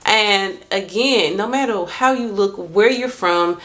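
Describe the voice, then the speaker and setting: A young woman talking casually to her camera about faith and self-love, lively and expressive, jumping up in pitch when she quotes herself. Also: takes it slowly.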